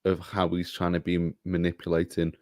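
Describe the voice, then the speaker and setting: A man's voice: deep voice, completely flat delivery, brisk, a little mellow, no room sound, studio quality. A man in a casual review chat, critical and exasperated. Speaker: co-host reviewer.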